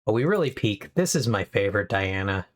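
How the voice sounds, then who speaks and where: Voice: sits low, expressive, fairly quick. Chatty young streamer rambling on stream. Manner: chatty, rambling, upbeat asides. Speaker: live streamer. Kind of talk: casual live-stream chat.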